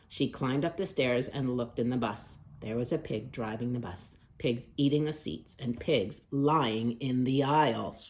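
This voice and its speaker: A woman hosting children's storytime, reading a picture book aloud with expressive loud calls and hushed asides. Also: very deep voice, a little hiss or hum.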